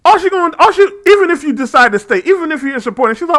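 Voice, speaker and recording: A man's voice: extremely high pitch, expressive, fast talker, few pauses, sharp tone. A man giving casual reaction commentary on a video, mocking and laughing often, with frequent swearing.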